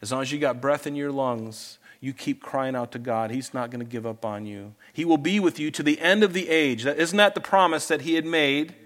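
A man preaching a sermon to a congregation in church, earnest and pleading, swinging between loud urging and soft asides. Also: mid-range voice, fairly quick, few pauses. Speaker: pastor.

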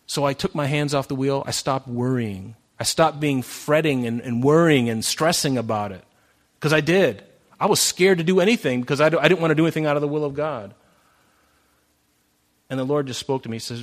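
A man preaching a sermon in a conversational way. He swings from emphatic, raised passages to soft, quiet asides. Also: mid-range voice, brisk. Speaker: pastor.

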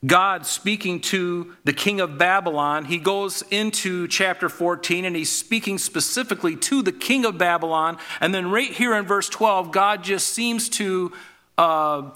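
Bright-voiced male preacher. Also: sits high. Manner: reads scripture aloud, then explains in a relaxed conversational tone; addresses the listeners as folks, asks rhetorical questions. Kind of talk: sermon.

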